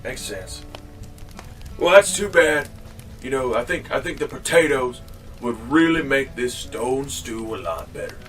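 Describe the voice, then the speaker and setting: A man voicing an excitable hungry wanderer who gushes and exclaims theatrically. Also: mid-range voice, unhurried, distant mic, soft background music. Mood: scheming.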